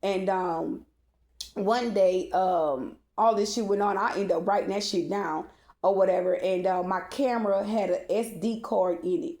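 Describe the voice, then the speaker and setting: A woman's voice: mid-range voice, steady tone, measured pace, mellow. A woman telling a personal story in a casual storytime monologue, blunt and profane, often checking in with "okay?". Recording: echoey room.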